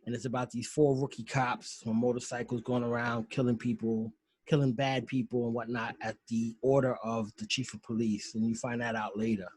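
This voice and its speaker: Husky man enthusing in a rambling way. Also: mid-range voice, flat delivery, fairly quick, a little mellow, dry recording, poor audio. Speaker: podcast host. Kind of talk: casual commentary. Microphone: video call.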